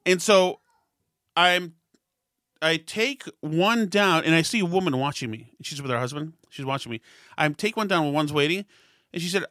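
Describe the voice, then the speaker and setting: A middle-aged man hosting a casual monologue, telling stories and getting worked up and loud when he retells arguments. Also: a little high, lively intonation, moderate pace, dry recording, clean studio sound. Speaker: podcast host.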